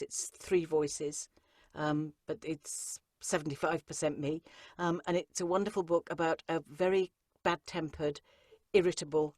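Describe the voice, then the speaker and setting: Low-voiced chatty woman narrator. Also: no echo. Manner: chatty, lively, frequent ums and asides. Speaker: audiobook narrator, guest. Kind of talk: conversational interview answers.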